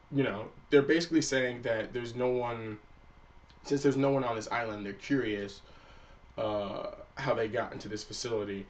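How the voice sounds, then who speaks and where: A man's voice: mid-range voice, fairly even intonation, moderate pace, far from the mic, muffled recording. A man reviewing an anime episode in a loose, casual recap, swearing freely and acting out the characters' lines.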